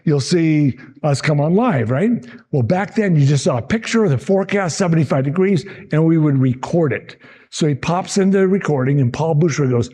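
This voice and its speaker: A man in his sixties, a TV meteorologist telling lively stories from his career to an audience. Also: fairly high pitch, moderate pace, husky. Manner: lively anecdotal, acts out quotes, frequent restarts. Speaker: TV meteorologist giving a talk. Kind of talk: storytelling presentation to an audience.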